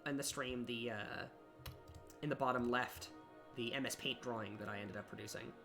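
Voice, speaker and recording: A man's voice: medium pitch, steady tone, moderate pace, pushed and bright. A young man, a university student, chatting casually on a live stream while he works, muttering at his own progress in a self-deprecating way. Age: young adult. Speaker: streamer and level designer. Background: music and keyboard typing.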